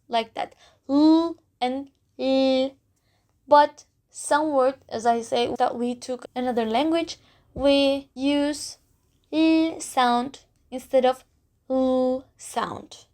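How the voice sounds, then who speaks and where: In a slow explanatory lesson, a high-voiced woman with a darkish tone teaches Turkish pronunciation. Patient, she says words again and again and stretches out each example. She speaks non-native English in simple sentences with minor grammatical errors.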